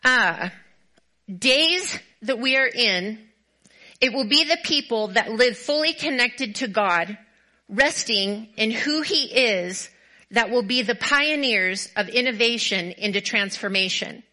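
A woman pastor preaching a sermon, telling a story with animated emphasis and repeated build-up phrases. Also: a little high, slow, poor audio. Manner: animated storytelling, acts out quoted voices; repetitive emphatic build-ups.

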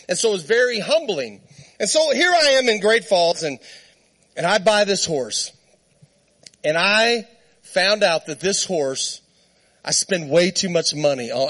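A man preacher with a notably high voice, telling a long personal story in a loose, conversational way. He laughs often as he goes and keeps turning to the congregation with little asides. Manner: lively, laughing, conversational, talks to the crowd. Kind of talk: storytelling sermon.

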